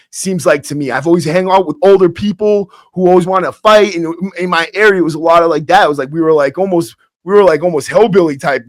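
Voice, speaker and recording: A man's voice: high-pitched, no room sound, clean studio sound. A man hosting a podcast, telling stories in a blunt, streetwise way, often saying "bro" and restarting his sentences. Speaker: podcast host and former prisoner. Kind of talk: casual storytelling monologue. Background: faint acoustic guitar music.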